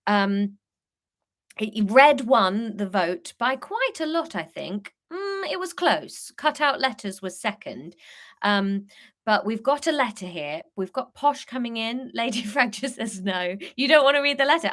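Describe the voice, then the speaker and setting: A woman's voice: fairly high pitch, a bit bright. A woman hosting a live story-writing stream, chatting and giggling as she reads out her story and the chat.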